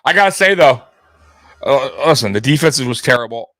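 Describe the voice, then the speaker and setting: A young man hosting a live sports stream, talking straight to his viewers in an animated, repetitive way with plenty of swearing. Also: medium pitch, moderate pace, no room sound. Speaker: sports livestream host. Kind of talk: live postgame commentary to viewers.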